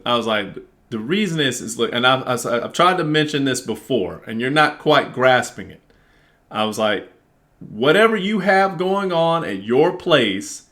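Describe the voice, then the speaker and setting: A man venting to the camera in a casual monologue, cursing freely and acting out both sides of an argument in an animated way. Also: mid-range voice. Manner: animated, profane, reenacts arguments. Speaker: vlogger.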